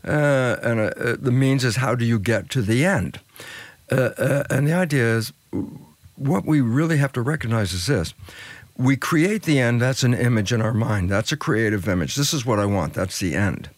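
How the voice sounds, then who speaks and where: An older man speaks as an interview guest, teaching through stories and voicing the people in them. His pitch leaps high and drops low for emphasis. The sound is close and dry. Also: lively intonation, moderate pace, dry recording. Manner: acts out quoted dialogue, swings pitch widely for emphasis. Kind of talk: animated storytelling explanation.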